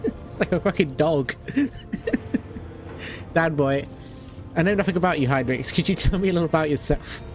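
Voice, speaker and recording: A man's voice: fairly high pitch, animated, moderate pace, long pauses, faint music behind. A man streaming a game, chatting casually, ranting and laughing often. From Britain. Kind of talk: casual chat while playing.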